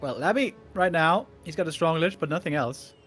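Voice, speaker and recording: A man co-casting a competitive strategy game, joking around and shouting when the action heats up. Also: a little high, fairly quick, soft background music. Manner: excitable, shouts at big plays, jokey. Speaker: esports caster. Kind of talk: casual game commentary.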